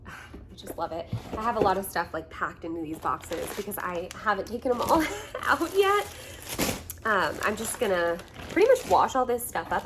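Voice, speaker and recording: Gushing woman with a lively voice. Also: mid-range voice, a little hiss or hum. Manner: gushing and excited, laughs often; chatty with frequent fillers. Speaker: vlogger. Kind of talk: casual chat, unboxing gifts. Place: at home.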